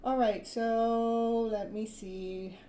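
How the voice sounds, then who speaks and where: A woman's voice: fairly high pitch, level tone, drawn-out words, warm tone, a little hiss or hum, low-quality recording. A woman from California giving a live-stream tarot reading, speaking in soothing spiritual affirmations and laughing often. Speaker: tarot reader.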